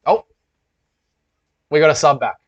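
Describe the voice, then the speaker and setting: A man's voice: fairly high pitch, a little slow, slightly rough. A man hosting a casual livestream, reading comments and rambling with lots of swearing. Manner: loose, rambling, swears a lot. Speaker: livestream host. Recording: dull lo-fi stream audio.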